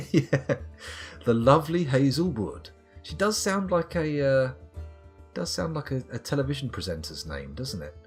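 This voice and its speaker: A man's voice: fairly low pitch, vocal fry. A British man giving rambling, self-mocking live commentary while playing a game at home, with dry asides. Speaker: let's play streamer.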